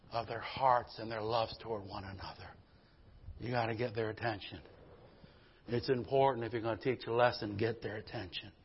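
A man's voice: mid-range voice, husky. A male pastor preaching a sermon in a church, with emphatic call-and-response and folksy storytelling asides. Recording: dull lo-fi sermon recording.

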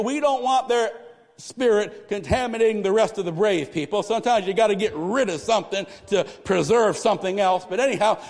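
A man preaching a lively sermon, swinging from loud cries to hushed asides. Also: sits high, normal speed. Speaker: pastor. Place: church sanctuary. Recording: live church sanctuary with long reverb.

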